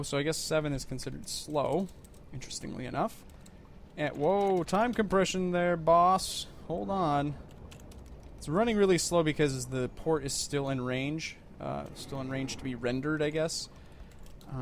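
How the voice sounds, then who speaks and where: A man's voice: a little high, vocal fry, a little hiss or hum. A man giving casual, rambling let's-play commentary with wry, self-mocking humor.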